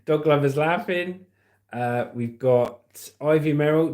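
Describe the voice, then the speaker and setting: A man's voice: a little high, a little slow, darkish tone. Chatty British man hosting a livestream. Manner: chatty, jokey, reads comments aloud. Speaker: livestream host. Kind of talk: casual live chat reading comments.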